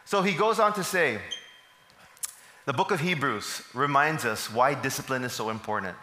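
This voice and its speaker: A man's voice: medium pitch, normal speed, sharp tone. Man, pastor, forties, sermon, call-and-response questions, roomy hall sound. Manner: asks the congregation questions and answers them himself. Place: church service hall. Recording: echoey hall.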